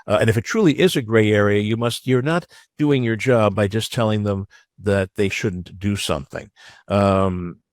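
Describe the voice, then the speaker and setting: A man's voice: lowish voice, moderate pace, no room sound, studio quality. A man teaching a webinar as a business lawyer, frank and conversational, mixing advice with anecdotes. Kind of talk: webinar lecture.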